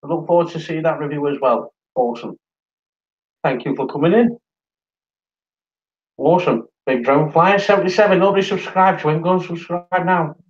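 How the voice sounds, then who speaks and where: A man's voice: fairly high pitch, normal speed, long pauses, muffled recording. Chatty Yorkshire man hosting a livestream. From Sheffield, England. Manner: chatty, reads out viewer comments, laughs often. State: tired. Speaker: livestream host. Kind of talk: casual livestream chat.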